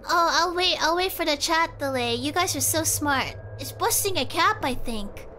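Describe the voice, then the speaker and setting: A woman's voice: high voice, lively intonation, moderate pace, sharp tone, slight background noise. A young woman streaming, chatting casually and rambling, giggling often and talking to her chat.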